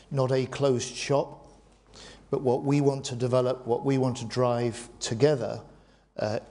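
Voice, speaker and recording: A man, a minister running a press conference, who answers questions in a firm, measured way. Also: mid-range voice, darkish tone.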